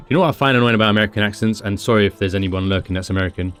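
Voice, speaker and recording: A man's voice: fairly low pitch, racing, few pauses, a bit bright, smooth, faint music behind. A British man giving chatty, rambling commentary on his game stream, with self-mocking asides. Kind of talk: casual gameplay commentary.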